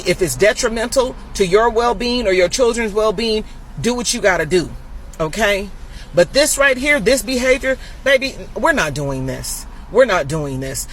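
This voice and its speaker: A woman's voice: medium pitch, a bit bright, a little hiss or hum. A woman giving casual reaction commentary. She sounds motherly and preachy and keeps calling her listeners baby.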